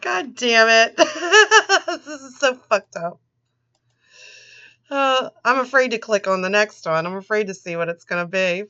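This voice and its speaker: A woman's voice: medium pitch, unhurried, pauses often, bright, forceful tone, clean tone. A woman reading a children's storybook aloud with sarcastic, swearing commentary, laughing often. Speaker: channel host reading a storybook. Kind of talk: mocking read-aloud of a children's book with commentary. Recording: dull lo-fi recording.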